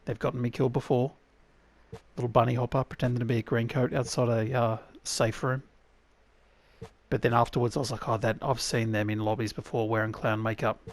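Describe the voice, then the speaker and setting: A man's voice: medium pitch, flat delivery, fairly quick, no echo. A man with an Australian accent giving wry, chatty commentary to himself as he plays a survival game. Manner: chatty, wry, talks to himself while playing. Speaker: gaming YouTuber. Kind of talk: casual gameplay commentary. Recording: clear background game noise.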